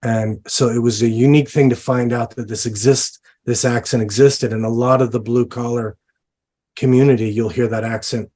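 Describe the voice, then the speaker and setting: A man's voice: medium pitch, steady tone, moderate pace, warm tone. A man, a film director, talking about his film in an interview, with many fillers and restarts. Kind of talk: interview conversation. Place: lives in New Orleans.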